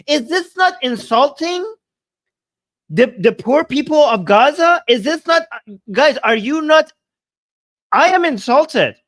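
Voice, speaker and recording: A man's voice: extremely high pitch, expressive, slow, pauses often, fairly bright tone. A man hosting a debate show, reacting to a clip with angry, indignant commentary and repeating himself. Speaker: host.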